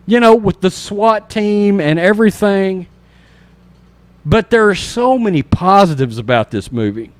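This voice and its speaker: A man with a slightly higher-than-usual voice hosts a casual horror movie podcast. He recaps scenes in an excited, animated way, mimicking sound effects as he goes. His voice sounds dry and close, with no room around it. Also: unhurried, clean tone, no echo. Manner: animated storyteller, imitates sounds and acts out reactions. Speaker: podcast host.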